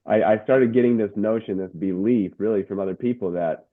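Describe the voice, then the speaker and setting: A man's voice: lowish voice, a little fast. Middle-aged man on a tinny line. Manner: animated, stumbling restarts and word repeats. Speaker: guest, motivational speaker and coach. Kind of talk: casual interview storytelling.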